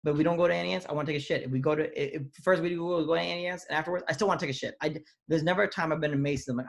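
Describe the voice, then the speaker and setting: A man's voice: a little high, steady tone, rapid-fire, creaky, few pauses. A man co-hosting a podcast, talking casually, rambling and swearing freely. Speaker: podcast co-host. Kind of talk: casual comedic chat.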